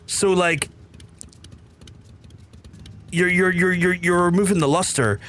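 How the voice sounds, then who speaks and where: A man's voice: high voice, steady tone, slow, fairly bright tone. Rambling Belfast man streaming games. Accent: softened Belfast. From Belfast, Northern Ireland. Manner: rambling, repeats phrases, swears casually. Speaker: game streamer. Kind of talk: casual livestream chat with viewers.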